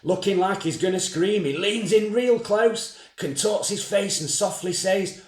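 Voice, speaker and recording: A man performing dark comedic spoken word in scathing, sardonic rhyming verse. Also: sits high, measured pace, hardly any pauses, echoey room.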